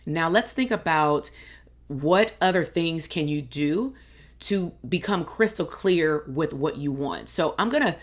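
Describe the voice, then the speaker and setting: A woman's voice: deep voice, animated, a little slow. A woman in her thirties hosting a podcast, giving upbeat, encouraging advice in a casual, slangy way. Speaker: podcast host and business coach. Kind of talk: motivational podcast monologue.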